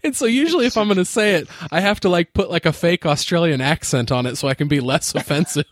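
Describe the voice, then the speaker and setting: A man's voice: a little high, expressive, fast talker, no room sound, clean studio sound. A man in his thirties from the United States, telling laid-back stories with frequent fillers and easy laughter. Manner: laid-back storytelling, says like often, laughs easily. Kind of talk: casual chat.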